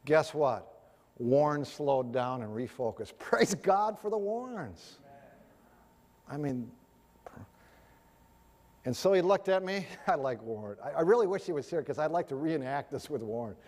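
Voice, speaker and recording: A middle-aged man preaching a storytelling sermon to an audience, animated and acting out the people in his story. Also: on the high side, measured pace, pauses often. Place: large hall with an audience. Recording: long hall reverb.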